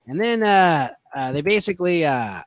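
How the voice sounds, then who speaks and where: A man's voice: a little high, sing-song, normal speed, no room sound. A young man casually recapping a movie on a stream, rambling and profane with lots of fillers. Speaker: podcast host.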